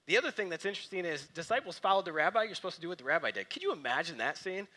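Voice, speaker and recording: A man preaching a sermon, telling stories with lively energy and dropping to quiet, soft reflection. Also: sits high, rapid-fire. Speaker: pastor.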